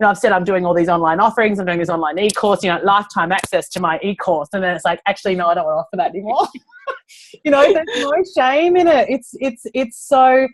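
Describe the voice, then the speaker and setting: A woman's voice: medium pitch, animated, fairly quick. A woman coaching a small group, frank and chatty, laughing often. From Australia. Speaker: business coach. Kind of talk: casual group coaching call.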